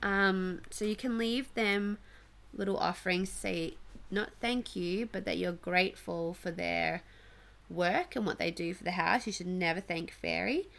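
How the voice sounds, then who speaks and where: A woman's voice: on the low side, unhurried, creaky, a bit bright. A woman hosting a podcast, chatty and giggly, explaining pagan customs in a casual way. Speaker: podcast host.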